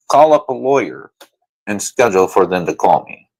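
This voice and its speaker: A man's voice: lowish voice, big pitch swings, moderate pace, low-quality recording. Profane mocking male commentator. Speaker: commentary YouTuber. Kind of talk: reaction commentary rant.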